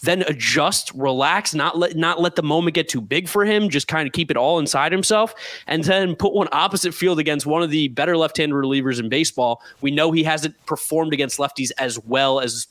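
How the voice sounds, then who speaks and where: A man's voice: a little high, brisk, fairly bright tone, no echo. A man co-hosting a podcast in casual sports chat, upbeat and stat-minded. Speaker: podcast co-host.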